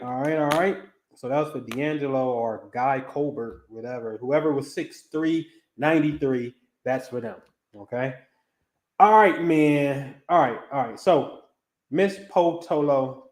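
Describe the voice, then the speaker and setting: A middle-aged man hosts a casual astrology stream in a loose, slangy manner and addresses viewers by name. His voice sits in a middle pitch. The room around him is echoey. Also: unhurried, a little mellow. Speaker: astrology reader host. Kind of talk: casual live-stream reading.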